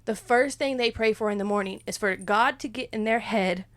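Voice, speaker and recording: A woman's voice: medium pitch, fairly quick, fairly bright tone, dry recording. A young woman, rambling and emotional as she opens up in a casual faith chat, laughing often. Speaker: podcast co-host.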